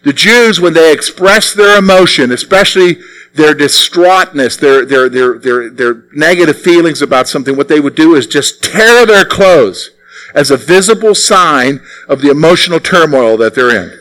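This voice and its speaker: High, bright-voiced male preacher. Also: normal speed, poor audio. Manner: animated, conversational, asks the listeners rhetorical questions. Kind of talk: sermon.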